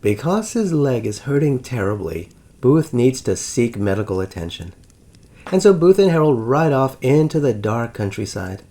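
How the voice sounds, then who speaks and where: A man narrating a dramatic history story as the host of his channel, with big swings in pitch and loudness. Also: very animated, moderate pace.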